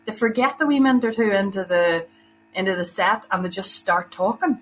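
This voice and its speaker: A woman's voice: mid-range voice, animated, a little fast, soft background music, poor audio. A woman, a podcast guest explaining her point in casual chat.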